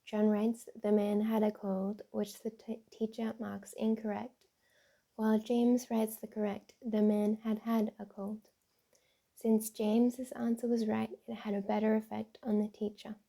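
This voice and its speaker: A woman doing a soft-spoken ASMR reading, carefully reading word puzzles and tongue twisters aloud, repeating the tricky lines. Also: mid-range voice, little pitch movement, a little slow, gravelly. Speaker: ASMR creator.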